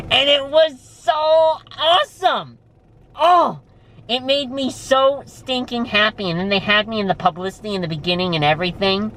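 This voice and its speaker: A young man in a restaurant, chatting casually and telling stories with lively excitement. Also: a little hiss or hum. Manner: animated storytelling, jumps high when excited. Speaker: vlogger. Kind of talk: casual chat. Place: restaurant, indoors.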